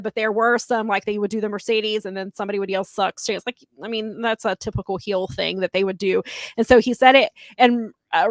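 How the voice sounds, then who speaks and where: A woman's voice: a little high, dry recording. Chatty woman podcast co-host, rambling. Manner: rambling, filler-heavy retelling of others' remarks. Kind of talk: casual wrestling chat.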